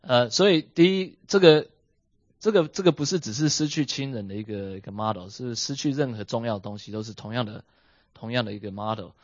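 A man teaching a class, quizzing his listeners and jumping up in pitch when he acts out a reaction. The sound is dry and a bit dull. His voice is medium in pitch. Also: fairly quick, no echo. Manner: animated, asks the class questions, switches between English and Mandarin. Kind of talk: bilingual class lesson. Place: home with a basement.

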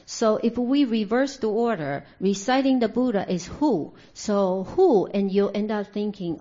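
A woman with a dark, mellow voice renders a meditation teaching into English, stopping often to search for words. The sound is dull and lo-fi. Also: medium pitch, a little slow, few pauses. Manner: hesitant, many fillers and restarts. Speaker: interpreter. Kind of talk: consecutive interpreting of a dharma talk. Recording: dull lo-fi recording.

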